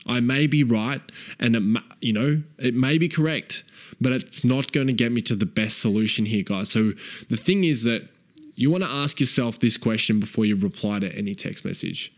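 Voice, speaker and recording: A man's voice: mid-range voice, moderate pace. A man coaching fathers in a frank, profane way. He keeps asking "right?" and repeats key phrases for emphasis. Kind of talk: direct-to-camera advice talk.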